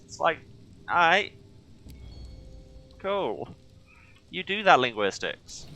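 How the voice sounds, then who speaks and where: A man streaming a video game who jokes, exclaims often, and reads the game's story text aloud in a slower, softer voice. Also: on the low side, lively intonation, clear, resonant tone, low-quality recording. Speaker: let's play streamer. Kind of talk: casual game commentary with text read aloud.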